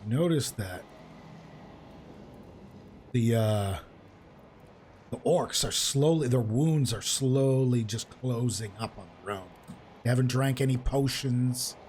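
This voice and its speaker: A man's voice: medium pitch, slow, long pauses, a little mellow, a little hiss or hum. A man working as game master, narrating a tabletop game in a loose, rambling way with many restarts. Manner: rambling, lots of fillers and restarts.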